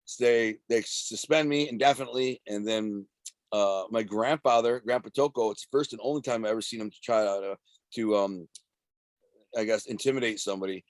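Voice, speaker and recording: A man of around fifty from Detroit, telling rough street stories as a podcast guest in a streetwise, profane, rambling way. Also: on the low side, fairly quick, no room sound. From Detroit, USA. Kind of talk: casual storytelling interview.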